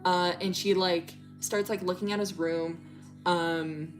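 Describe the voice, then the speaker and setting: A woman streamer chats while she draws, her voice sitting low. She rambles through a story with constant fillers and casual swearing. Faint music plays behind her. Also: steady tone, slow. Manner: rambling and profane, heavy fillers. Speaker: livestreamer.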